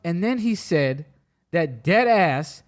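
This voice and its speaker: A man with a high voice tells a story on a casual podcast. He talks with lively energy and slips into quick impressions of the people he describes. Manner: animated storyteller who acts out other people's lines. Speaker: podcast host.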